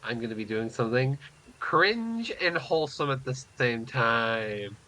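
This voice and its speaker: Bright-voiced playful man on stream. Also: mid-range voice, animated, measured pace. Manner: playful, teasing. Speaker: streamer co-host. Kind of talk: casual stream chat.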